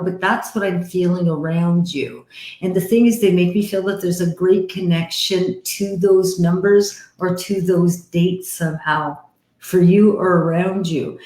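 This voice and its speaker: A woman from Canada, a psychic medium hosting a live-stream card reading, chatty and animated, with frequent laughter. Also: lowish voice, reverberant.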